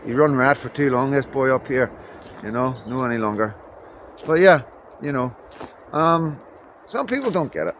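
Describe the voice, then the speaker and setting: A man's voice: medium pitch, lively intonation, moderate pace, long pauses, fairly bright tone, a little hiss or hum. Northern Irish man, rambling to camera. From Belfast, Northern Ireland. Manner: rambling, repeats "you know what I mean". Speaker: vlogger. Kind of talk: casual talk to camera. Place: indoors in Scotland.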